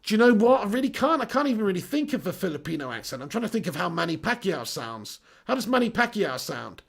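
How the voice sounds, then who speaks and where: Male stream host, casual and jokey, high animated voice, gravelly. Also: quick pace. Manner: jokey, reads out chat messages. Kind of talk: casual live-stream chat.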